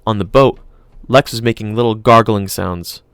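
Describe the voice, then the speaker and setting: A man reading an audiobook aloud in calm, measured scripted narration. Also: on the low side, smooth, no room sound.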